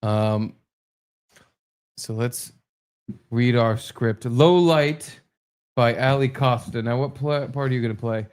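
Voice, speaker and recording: A man of ordinary pitch trading jokes on a comedy podcast. His delivery is wry and teasing, with a dry deadpan as he reads through a script with his co-host. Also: slow pace, long pauses, clean tone. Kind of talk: joking banter while reading a script aloud.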